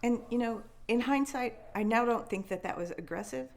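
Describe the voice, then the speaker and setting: Animated woman telling an eerie story. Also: a little high, normal speed, gravelly, a little hiss or hum. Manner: animated, restarts and repeats words, acts out her own thoughts. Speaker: conference attendee telling an encounter story. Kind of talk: emotional first-person storytelling. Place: conference venue.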